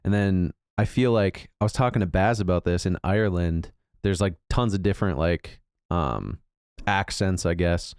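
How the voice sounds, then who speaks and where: Deep smooth Midwestern American man. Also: darkish tone, no echo, clean studio sound. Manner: asks curious questions, halting. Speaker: podcast co-host. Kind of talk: casual podcast chat.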